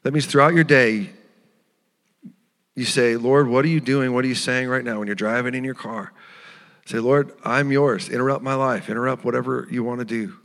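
A male pastor delivers an earnest, tender sermon in a mid-range voice. His words ring out with a long reverb from a church sanctuary, and now and then he drops to a hushed tone. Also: mid-range voice, steady tone, normal speed. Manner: earnest, tender preaching with soft hushed moments.

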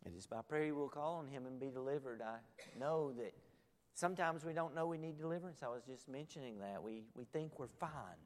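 A man preaching a sermon as a pastor, moving between loud urgent pleas and hushed, pleading asides. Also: mid-range voice, brisk. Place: church sanctuary. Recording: long reverb of a large hall.

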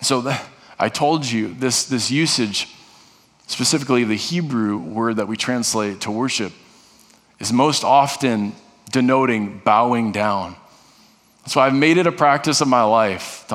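In a church sanctuary, a male pastor preaches earnestly, often restarting and repeating phrases. His medium-pitched voice is a bit bright and moves at normal speed, carried by the long reverb of a large hall.

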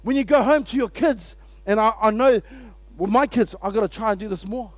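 A man preaching a sermon as pastor, energetic and exclamatory, calling out to his congregation and laughing between points. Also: sits high, fairly quick, dry recording. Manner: energetic and exclamatory, often laughing, calls out to the audience.

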